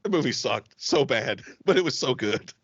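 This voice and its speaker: A man's voice: medium pitch, animated, moderate pace, husky, no room sound, lo-fi sound. A man from the Southern US co-hosting a podcast, chatting casually with a profane, joking manner and frequent laughter. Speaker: podcast co-host. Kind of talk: casual comedic chat.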